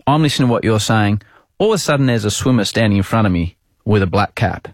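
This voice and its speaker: A man's voice: lowish voice, fast talker, no room sound. A middle-aged Australian man hosting a podcast, telling self-mocking broadcasting stories in casual chat. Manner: animated, self-mocking storyteller. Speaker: podcast host, sports broadcaster.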